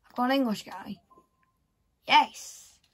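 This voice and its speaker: Husky woman muttering over a game. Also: fairly high pitch, steady tone, slow pace. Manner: muttering to herself, thinking aloud. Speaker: gameplay vlogger. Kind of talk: casual gaming commentary.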